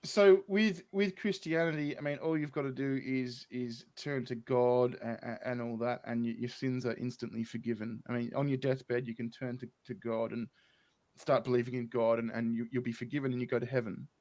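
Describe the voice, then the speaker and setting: A man's voice: mid-range voice, fairly even intonation, moderate pace, darkish tone. An Australian man, a guest in a casual interview, asking probing questions with lots of stammered repeats. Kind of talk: casual conversation.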